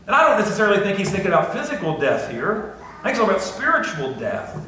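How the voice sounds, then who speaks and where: Folksy preacher in an echoey church. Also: male voice, sits high, huge pitch swings, fast talker, pushed and bright, slight background noise. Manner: folksy, conversational preaching with self-deprecating asides. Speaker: pastor. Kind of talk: sermon. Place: church sanctuary. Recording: echoey church recording from a distance.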